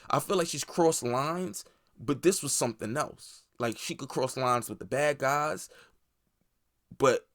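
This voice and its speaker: A man's voice: medium pitch, a bit bright, no echo, studio quality. Laid-back man recapping a show. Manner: loose, profane, rambling recap full of "like" fillers. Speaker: host of a movie review channel. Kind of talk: casual spoken series review.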